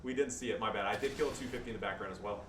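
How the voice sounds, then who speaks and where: A man's voice: lowish voice, very fast. A man casually commentating his own strategy game match, joking and swearing loosely. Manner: joking, loose, swears, fillers like "you know". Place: home room with family around. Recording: echoey room, far-off mic, background noise.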